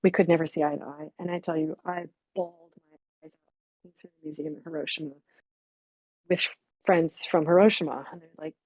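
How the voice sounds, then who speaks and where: A woman's voice: deep voice, fairly even intonation, brisk, pauses often, a little mellow, no echo. A woman in her sixties reminiscing candidly and reflectively, speaking frankly and swearing bluntly at times. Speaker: memorial stream guest.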